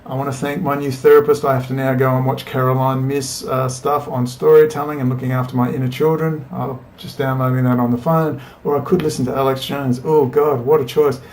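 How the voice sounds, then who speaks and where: A man's voice: medium pitch, flat delivery, brisk, few pauses, a little mellow. A man talking to his webcam in a fervent, rambling monologue that swings between urgent exhortation and weary asides. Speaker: political video blogger. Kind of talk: impassioned rambling monologue to camera. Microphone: laptop webcam.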